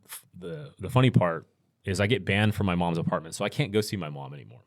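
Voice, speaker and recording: A middle-aged American man, a podcast guest, telling a long anecdote in a relaxed, rambling way. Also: low-pitched, fast, vocal fry, dry recording, studio quality. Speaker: podcast guest, firearms instructor. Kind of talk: casual storytelling in interview.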